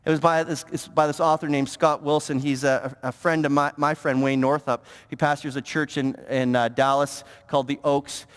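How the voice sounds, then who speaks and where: A man preaching a sermon as pastor, talking in an animated way with stammering restarts and repeated words. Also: on the high side, normal speed, few pauses, clear, resonant tone. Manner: animated, stammering repetitions, mock-pious impressions. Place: church sanctuary. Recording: long reverb of a church hall.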